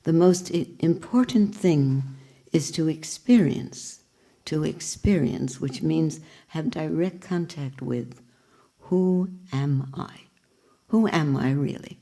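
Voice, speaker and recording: An older woman teaching a group in a spiritual talk, reflective and questioning with gentle humor. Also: sits low, slow.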